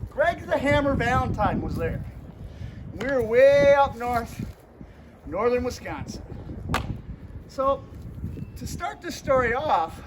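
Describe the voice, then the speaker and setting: High-voiced man telling a vlog story. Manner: lively storyteller who acts out the people he quotes. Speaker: vlogger and pro wrestler. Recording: noisy ambient background.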